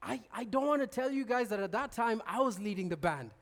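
Guy preaching, pretty high voice, chatty storytelling with lots of restarts. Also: fairly quick. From Kenya. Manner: animated storytelling, stammered restarts, bursts of laughter. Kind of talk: sermon.

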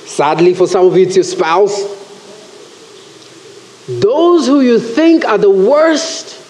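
A man preaching a sermon in church, animated and acting out the voices he quotes. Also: sits high, slow, slight background noise. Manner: animated, acts out quoted voices, self-correcting. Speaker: pastor. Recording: roomy church echo.

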